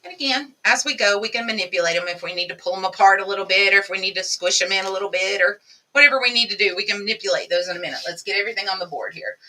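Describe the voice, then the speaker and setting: A woman's voice: mid-range voice, rapid-fire, sharp tone, distant mic, poor audio. A woman hosting a live crafting demonstration, chatting with viewers as she works. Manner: chatty, talks to viewers while working. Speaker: craft tutorial host.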